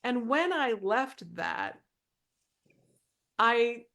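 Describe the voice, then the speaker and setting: A woman's voice: fairly high pitch, huge pitch swings, drawn-out words, a bit bright. A woman podcast co-host and former minister, telling a story animatedly and acting out the dialogue. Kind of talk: storytelling in casual conversation.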